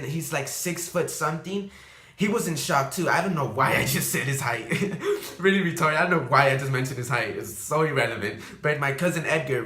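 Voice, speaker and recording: A young man tells a personal story in a casual, rambling way, full of fillers and restarts, and he gets emotional. His voice is bright and sharp. The room around him gives it a noticeable echo. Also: mid-range voice. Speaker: vlogger. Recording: echoey room.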